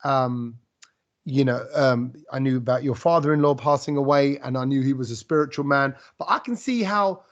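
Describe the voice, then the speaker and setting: A man hosting a podcast, telling stories in a rambling, animated way with lots of restarts. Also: medium pitch, moderate pace, dull audio. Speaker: podcast host. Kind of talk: casual conversational interview.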